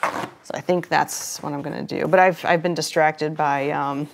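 A woman's voice: sits low, steady tone, normal speed, gravelly, noisy background. Chatty woman painting on a live stream. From Florida. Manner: chatty, laughs often, reads chat aloud. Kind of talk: casual live-stream chat while painting.

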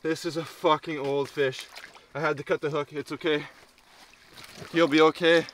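A young man vlogging while ice fishing in a small flip-up shelter. He talks casually and swears freely, breaking into loud excited exclamations. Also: fairly high pitch, normal speed, slight background noise.

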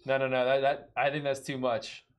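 Hosting a live card break, a young man chats casually on stream, laughing often as he calls out the cards. His voice is medium-pitched and level, moving at a fairly quick clip.

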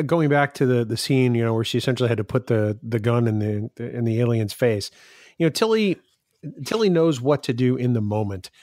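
A man's voice: mid-range voice, a little mellow, dry recording, studio quality. Earnest male podcast co-host. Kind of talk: casual podcast discussion.

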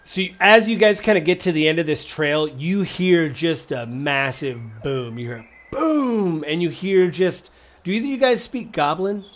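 A man's voice: on the high side, lively intonation, normal speed, a bit bright. Chatty, rambling male game master. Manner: casual, rambling, frequent fillers and laughs. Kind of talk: narrating a tabletop game.

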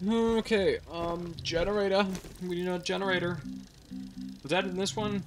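A young man commentating his own gameplay, thinking aloud, swearing and getting excited. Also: sits high, moderate pace, faint music behind. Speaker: gaming streamer.

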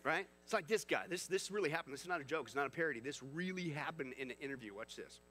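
A man preaching a sermon, animated and chatty, asking the congregation questions. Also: fairly high pitch, fast talker, slight background noise. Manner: animated, conversational with the audience. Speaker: pastor.

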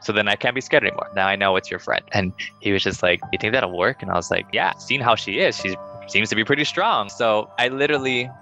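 A young man casually telling a ghost story to friends, animated and acting out the voices he quotes. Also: fast talker, soft background music. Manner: animated, acts out quoted voices in higher pitch.

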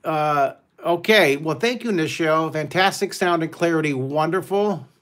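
A man's voice: fairly high pitch, normal speed, fairly bright tone. An older man teaching a live drawing lesson for children over a webcam, enthusiastic and playful, chatting to the kids as he draws.

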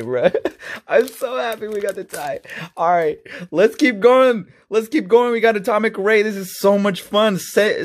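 A man hosting a casual card-opening video, excitable and quick to burst into shouts, often stumbling over names. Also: a little high. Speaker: YouTube host.

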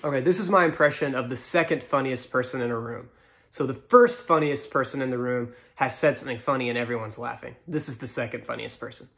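A man presenting comedy impressions with short, deadpan introductions. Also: mid-range voice, quick pace, creaky.

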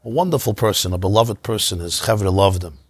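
A man, a rabbi, giving an informal synagogue class, telling stories in a conversational, animated way. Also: low-pitched, fast, slightly rough, no echo. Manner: conversational, storytelling, animated asides.

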